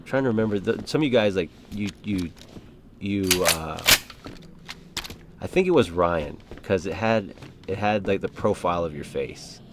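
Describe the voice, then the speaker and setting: Casting: low-pitched man, rambling easygoing gaming host, game noise audible underneath. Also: expressive, normal speed. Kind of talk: casual gameplay commentary.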